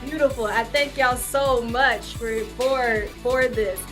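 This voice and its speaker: A woman's voice: on the high side, fairly even intonation, takes it slowly, music in the background. A woman acting coach wrapping up an online class in a chatty, upbeat way, repeating her words and laughing easily, on a video call. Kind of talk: casual encouraging wrap-up talk. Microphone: video call microphone.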